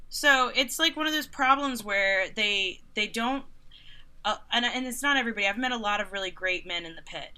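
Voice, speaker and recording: A woman in her thirties, a concert photographer and interview guest, telling stories in a casual, animated and sarcastic way, acting out other people's lines and using "like" a lot. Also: medium pitch, a little fast, smooth. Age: 30s. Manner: frequent "like" fillers.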